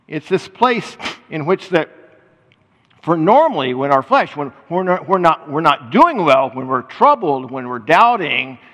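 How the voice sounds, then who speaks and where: A man's voice: fairly high pitch, big pitch swings, a little slow, fairly bright tone. An older man preaching a sermon as a pastor, talking conversationally, with restarts and short laughs. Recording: long hall reverb.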